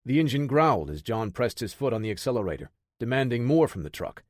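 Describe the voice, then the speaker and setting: A man reading a military action audiobook in steady, measured storytelling. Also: medium pitch, no echo, studio quality. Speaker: audiobook narrator. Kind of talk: scripted audiobook narration.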